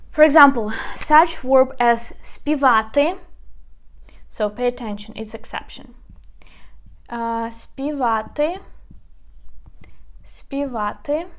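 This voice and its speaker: A woman whose first language is Ukrainian, teaching a lesson in English and slowly repeating each example word. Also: a little high. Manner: slow, patient, repeats example words.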